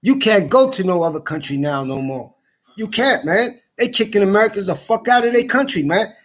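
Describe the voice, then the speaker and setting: A middle-aged man ranting in a rambling monologue, swearing often, stammering and repeating himself, swinging between loud outbursts and tired mutters. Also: sits high, expressive, a little fast. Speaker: vlogger.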